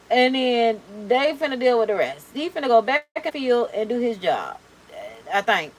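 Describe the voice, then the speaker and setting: A young adult woman hosting a reaction video, chatting casually in a sassy, animated way while doing her makeup. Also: a little high, moderate pace, poor audio. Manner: sassy, animated, slangy and expressive.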